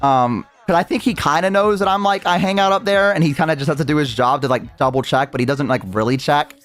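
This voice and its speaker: A man's voice: fairly high pitch, fast, a bit bright, faint music behind. A young adult man, a streamer, telling a story in a rambling casual way, full of fillers and swearing.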